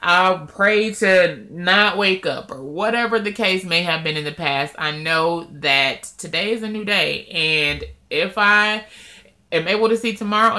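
A woman vlogger chatting casually and emotionally straight to her viewers about her weight-loss progress. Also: fairly low pitch. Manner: emotional and openly expressive, talks straight to viewers. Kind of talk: casual vlog chat.

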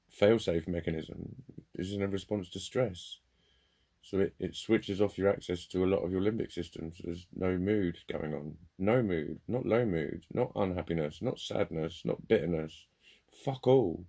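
A man with a very deep, gravelly voice talks in a loose, candid monologue. His tone is dark and husky, and he swears freely and jokes at his own expense as he rambles. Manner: rambling, sweary, self-deprecating. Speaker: vlogger.

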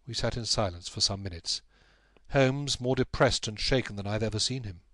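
A man narrating a classic story in a measured, steady audiobook style. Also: fairly low pitch, no room sound. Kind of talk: scripted narration.

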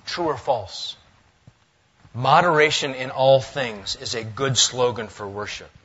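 A male pastor preaching a sermon in a church, lively and swinging between loud, emphatic lines and hushed asides. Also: medium pitch, measured pace, breathy edge, muffled recording. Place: church sanctuary.

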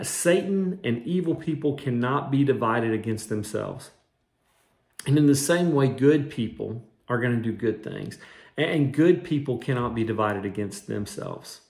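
A man's voice: medium pitch, gravelly, a little mellow. A man who is a minister, giving a short devotional sermon in an earnest, conversational way and weaving in scripture quotes. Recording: roomy echo.

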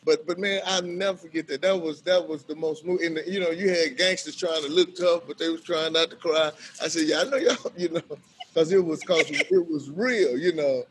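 A middle-aged man with a slightly raised pitch tells stories in a loose, animated way, laughing often as he goes. Faint noise sits under his voice. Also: normal speed. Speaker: bishop and violence-prevention worker. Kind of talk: casual storytelling in a conversation.

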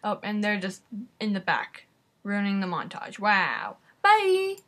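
A woman with a mid-range voice gives casual reaction commentary on a video, speaking unhurriedly over a noisy background. She's excitable, exclaiming often and talking straight to her viewers.

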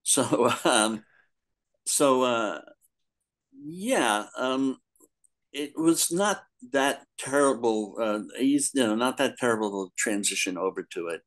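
A man in his sixties, a guest in an interview, telling stories in a casual, animated way, laughing often and acting out other people's lines. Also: medium pitch, slow, low-quality recording. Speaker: guest, comics editor.

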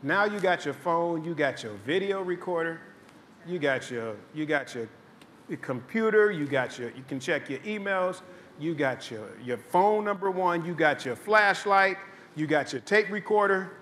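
A male pastor delivers a sermon in a church with a high, bright voice. He preaches in a conversational, joking way, telling stories and repeating phrases for emphasis. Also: lively intonation, normal speed, slight background noise. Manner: conversational, joking storytelling with repetition. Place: church sanctuary.

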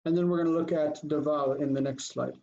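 A man teaching an online grammar lesson, drilling terms slowly and deliberately and often checking in with the class. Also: on the high side, fairly even intonation, creaky, mellow. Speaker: Biblical Hebrew teacher. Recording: dull lo-fi call audio, faint noise.

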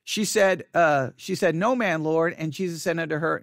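A man's voice: on the high side, moderate pace, creaky, few pauses, fairly bright tone, dry recording, studio quality. A man preaching a sermon with passion, often repeating phrases and restarting mid-sentence.

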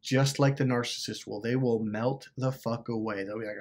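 A man with a medium-pitched voice hosts a self-help video, briskly telling a personal story. He's animated and rambling, swearing freely and using lots of fillers.

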